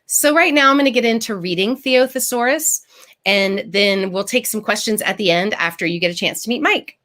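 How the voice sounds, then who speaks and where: Woman, storybook author, mid-pitched, animated read-aloud for kids over a video call, stops to explain words. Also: normal speed. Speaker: picture book author. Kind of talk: live storytime reading aloud to children.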